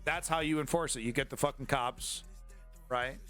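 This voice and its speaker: A man's voice: medium pitch, fairly even intonation, normal speed, fairly bright tone, faint music behind. A man hosting a live-stream news commentary, sarcastic and indignant, swearing freely.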